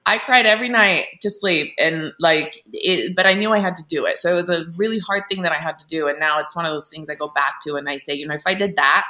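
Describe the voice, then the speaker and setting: A woman with a lowish voice and a crisp, forceful tone tells her story as an interview guest. She talks in an earnest, animated way and often breaks off and restarts. Fillers like "you know" and "like" run through her speech. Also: fast, hardly any pauses.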